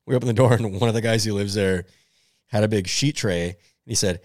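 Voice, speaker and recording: A man's voice: medium pitch, expressive, a little fast, a little mellow, no room sound, clean studio sound. A man telling a funny story in a casual podcast chat, laid back and laughing between lines.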